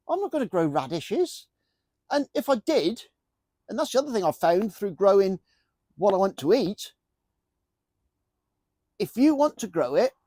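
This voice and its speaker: A man's voice: high-pitched, a little mellow, no echo. An older man chatting to camera about his allotment from inside a polytunnel, jokey, with the odd mild swear word. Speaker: gardening vlogger. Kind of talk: casual chat to camera.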